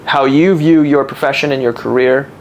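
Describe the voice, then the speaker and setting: A man's voice: medium pitch, moderate pace, slight background noise. A man in his thirties telling his own story in a casual interview, earnest and candid, often acting out what other people said. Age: 30s. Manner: earnest, candid and reflective, with animated retellings. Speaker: podcast guest.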